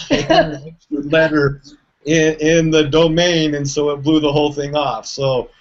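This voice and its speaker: Relaxed man on a muffled call. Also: a little high, unhurried. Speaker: guest on a web hangout. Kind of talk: casual chat. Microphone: video call. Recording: muffled web call audio.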